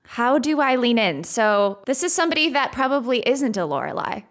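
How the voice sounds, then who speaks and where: A woman co-hosting a podcast, her higher voice bouncing all over in casual chat. She is excitable and gushing, quick to exclaim. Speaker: podcast co-host.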